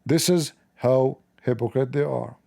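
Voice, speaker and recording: Gravelly, mocking male livestream host. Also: medium pitch, a little slow, warm tone. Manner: mocking, sarcastic, confrontational; non-native English grammar. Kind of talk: combative livestream commentary answering chat.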